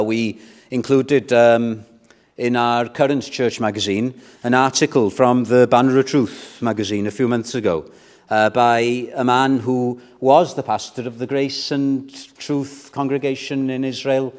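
Male pastor, unhurried sermon delivery, climbs into fervent appeals. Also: mid-range voice, steady tone. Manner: measured, rising to fervent exhortation.

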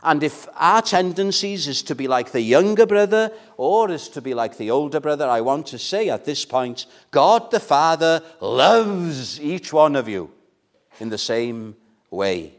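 A man preaching a sermon in a church, earnest and measured, pressing his points with questions to the congregation. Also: fairly high pitch, sing-song.

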